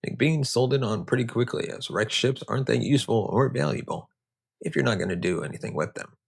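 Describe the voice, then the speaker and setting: Gravelly man narrating history. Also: mid-range voice, lively intonation, fairly quick. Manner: joking, conversational digressions. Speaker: host. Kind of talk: history narration with casual asides.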